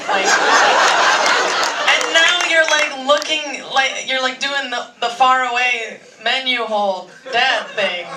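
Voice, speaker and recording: A woman's voice: high-pitched, a little slow, crowd noise, background noise. A woman on a convention panel telling a story casually, often laughing as she talks. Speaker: film actor on a convention panel. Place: large convention hall. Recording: echoey hall, voice from far off.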